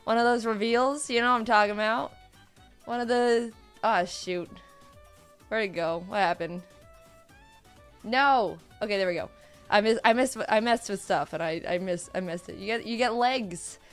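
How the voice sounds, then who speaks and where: A woman streaming live in casual chat, hoarse and worn out, giggly and excitable, often repeating herself. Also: mid-range voice, normal speed, faint music behind.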